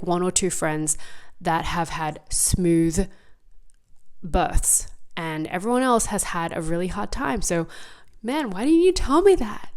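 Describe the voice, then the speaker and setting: A woman's voice: lowish voice, darkish tone, clear, resonant tone. Australian woman, candid podcast talk. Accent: Australian, softened by US years. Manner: frank, confessional, with filler likes and ums. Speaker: podcast host. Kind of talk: candid solo podcast monologue. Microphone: seen on screen, talking to camera.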